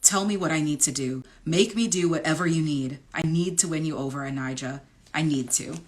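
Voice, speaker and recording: A woman voicing a brash young college hockey guy, blunt and swearing freely, in a lowish, unhurried voice as she reads a romance novel aloud. The figure sounds cocky and sure of himself. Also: a little hiss or hum, close to an everyday voice. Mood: pleading.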